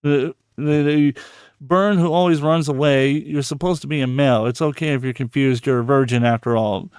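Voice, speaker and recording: A man's voice: medium pitch, steady tone, moderate pace, a little mellow, smooth, dry recording, studio quality. Foul-mouthed mocking podcast host, a man. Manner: profane, mocking, reads posts aloud with laughter. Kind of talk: casual live podcast chat.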